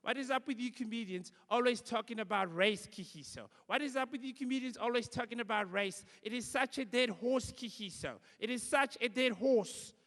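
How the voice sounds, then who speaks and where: A man's voice: very high voice, normal speed, few pauses, fairly bright tone, pitched above the performer's own voice. A man voicing a nagging, exasperated female radio interviewer who keeps repeating a name in a scolding way. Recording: long hall reverb.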